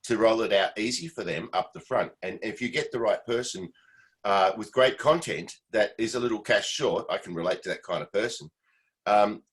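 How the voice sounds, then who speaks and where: Participant: man, lowish voice, rambling advisory talk over a video call. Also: fairly bright tone, poor audio. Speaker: meeting participant, former session musician. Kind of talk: casual video-call chat.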